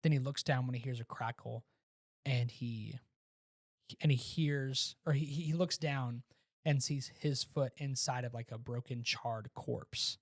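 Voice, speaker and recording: A man co-hosting a podcast, casually reviewing a movie and retelling scenes with animated restarts. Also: mid-range voice, a little slow, no echo, studio quality. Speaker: podcast co-host.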